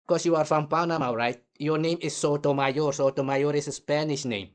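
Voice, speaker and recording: A man's voice: a little high, steady tone, normal speed. A man hosting a heated, combative commentary rant, swearing throughout. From Caribbean. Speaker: host.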